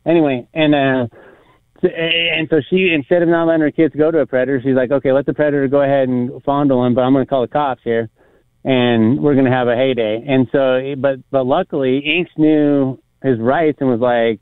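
A man's voice: medium pitch, steady tone, a little fast, clean tone, dry recording. A man in casual podcast chat, telling a rambling story with lots of fillers and acted-out quotes. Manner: rambling, many restarts and fillers, acts out quotes. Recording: tinny phone-like sound.

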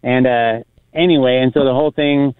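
Man, casual podcast storyteller, rambling, smooth voice, dry tinny phone-like sound. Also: medium pitch, fairly even intonation, a little fast, dry recording. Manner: rambling, many restarts and fillers, acts out quotes.

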